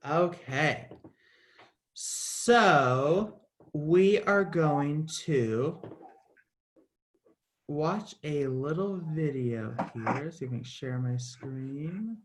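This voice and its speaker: A camp instructor teaching children over a video call. The delivery is slow and gentle, walking them through each step. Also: medium pitch, a little hiss or hum. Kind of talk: online kids' class.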